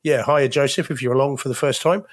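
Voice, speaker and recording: A man's voice: medium pitch, quick pace, no room sound, clean studio sound. A man co-hosting a casual podcast, joking around and greeting viewers in the chat. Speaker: podcast co-host.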